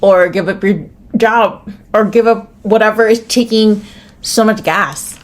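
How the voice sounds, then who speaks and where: An American woman hosts her own podcast, delivering a solo rant in a mid-range voice at a measured pace. She's rambling and profane, swearing a lot, restarting sentences, and saying "like" constantly.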